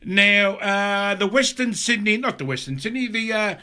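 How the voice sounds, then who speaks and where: A man co-hosting a football talk show who speaks haltingly, with many "uh"s and "now"s. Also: high-pitched, lively intonation, crowd noise. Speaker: co-host. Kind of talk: casual chat.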